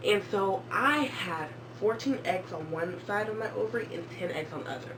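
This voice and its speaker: A woman in her twenties telling a story casually and jokingly on a vlog, jumping into squeaky high voices when she quotes people. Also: lively intonation, fairly quick, hardly any pauses, a little hiss or hum. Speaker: vlogger. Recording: far from the mic with clear background music.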